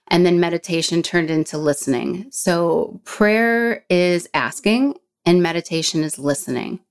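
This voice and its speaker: A woman guest in a casual interview, telling a personal story in an animated way, acting out what people said and slowing down when she gets emotional. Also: on the low side, smooth. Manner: animated storyteller, acts out quoted voices, slows down when emotional.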